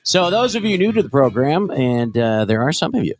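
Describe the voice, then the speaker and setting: A man's voice: medium pitch, very animated, fairly quick, soft background music. A man co-hosting a comedy podcast, cracking crude jokes and reading out trivia clues in casual banter. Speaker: podcast co-host.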